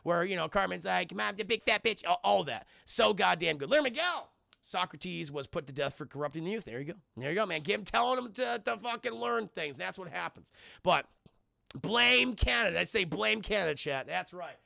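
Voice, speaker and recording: A young man in a casual live-stream, recapping a film scene by scene for his chat, excitable and swearing a lot, often breaking into loud quoted lines. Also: high-pitched, brisk, vocal fry, dry recording, clean studio sound.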